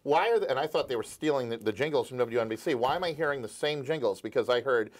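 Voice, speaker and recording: A man's voice: medium pitch, animated, quick pace. A man in his forties from Rhode Island, a radio station owner, telling his story eagerly in a casual interview with many restarts.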